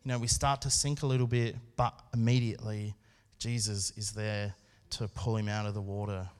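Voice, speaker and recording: A man preaching a sermon at a church service, speaking in an earnest, conversational way with pauses and restarts. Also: lowish voice, flat delivery, smooth. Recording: long hall reverb.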